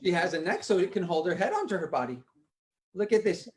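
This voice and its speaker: A man's voice: high voice, big pitch swings, quick pace, a little mellow, a little hiss or hum. A man leading an interactive music lesson for children, playfully coaxing them to repeat after him. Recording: children chattering in the background. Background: children's voices.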